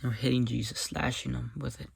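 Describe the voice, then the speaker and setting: A man's voice: mid-range voice, fairly even intonation, quick pace, creaky, breathy edge. A man doing a casual devotional Bible reading, often breaking off to comment emphatically in a folksy way.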